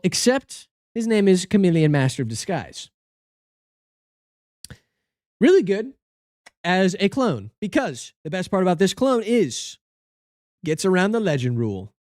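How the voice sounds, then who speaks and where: A man's voice: a little high, darkish tone, dry recording, studio quality. A man talking casually to his livestream chat, goofy and joking as he reviews game cards.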